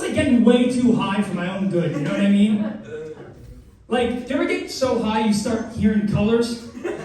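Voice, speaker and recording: A man's voice: sits high, mellow, recorded from a distance. A man in his twenties doing a rambling, self-mocking, crude stand-up set in a comedy club. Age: 20s. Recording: echoey club, mic heard from afar, crowd noise. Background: audience laughter.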